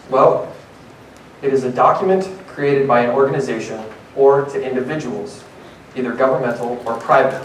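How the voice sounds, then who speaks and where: A young man giving a prepared conference talk, earnest and a bit halting, with fillers between points. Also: medium pitch. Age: young adult. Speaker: conference speaker. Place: conference hall. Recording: roomy, distant mic, faint noise.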